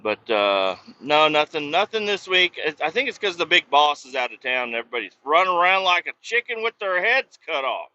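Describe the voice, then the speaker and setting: A man's voice: a little high, very animated, fairly quick, few pauses, pushed and bright, muffled recording. A man hosting his own podcast, rambling casually and profanely from inside a work truck, often breaking off mid-thought. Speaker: podcast host.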